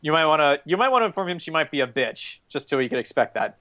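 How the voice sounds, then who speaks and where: Gruff mercenary leader played by a man, blunt, curt, stammers, slightly high male voice, tabletop role-play. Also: very animated, fast, a bit bright.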